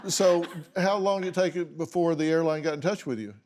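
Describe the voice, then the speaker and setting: High-voiced male talk show host. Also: fairly quick, darkish tone, a little hiss or hum. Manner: probing, dry questions. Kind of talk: hosting an interview.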